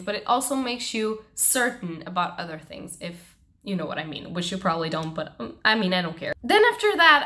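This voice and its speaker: A young woman talks through her month's reading in a casual vlog. She gushes and gets openly expressive, and her talk is frank, with casual swearing. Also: mid-range voice. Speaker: book vlogger. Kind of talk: casual book review monologue.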